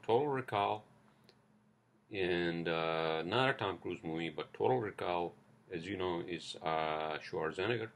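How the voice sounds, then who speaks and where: A man with a very deep, gravelly voice hosts a loose solo podcast. He rambles casually, swears freely and fills his talk with "like" and "uh". He records at home through a cheap headset mic. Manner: rambling, profane, many fillers. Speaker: podcast host. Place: indoors at home, street traffic outside. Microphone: cheap headphones.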